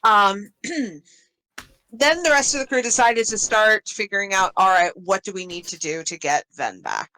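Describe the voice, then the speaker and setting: A woman game master recapping the last session of a tabletop campaign in a relaxed way, laughing often between lines. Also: mid-range voice, measured pace, low-quality recording.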